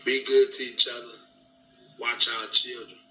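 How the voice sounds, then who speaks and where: A man's voice: medium pitch, little pitch movement, a little slow, bright, forceful tone, slight background noise. A man giving an impassioned, preaching talk, fervent and repetitive, in casual vernacular. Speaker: speaker. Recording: echoey room, distant mic, faint music.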